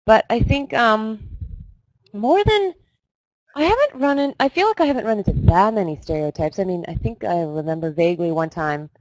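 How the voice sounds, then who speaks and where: A woman actress answering interview questions, thinking aloud with many fillers and restarts, lively when she tells a story. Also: medium pitch, moderate pace, no echo, poor audio. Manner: thoughtful, hesitant with fillers, laughs while telling stories. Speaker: actress guest. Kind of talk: live online interview.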